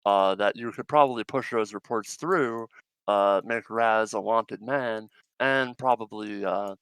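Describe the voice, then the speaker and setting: Brief: low, smooth-voiced man running a tabletop game, hesitant and rambling. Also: measured pace, a bit bright, no echo, rough recording. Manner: rambling, hesitant with many fillers. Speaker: game master.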